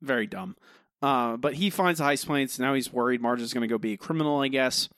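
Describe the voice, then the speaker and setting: A man's voice: medium pitch, fairly quick, fairly bright tone, dry recording, studio quality. A man co-hosting a podcast, critiquing an episode in rambling, casual chat full of fillers and restarts. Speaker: podcast co-host.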